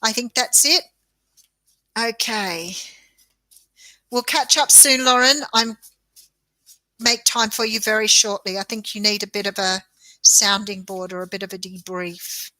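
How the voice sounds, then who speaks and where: Bright-voiced Australian woman reading tarot. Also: medium pitch, fairly even intonation, unhurried, pauses often, no room sound. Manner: chatty, reassuring, laughs often. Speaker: tarot reader. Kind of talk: live-stream tarot reading.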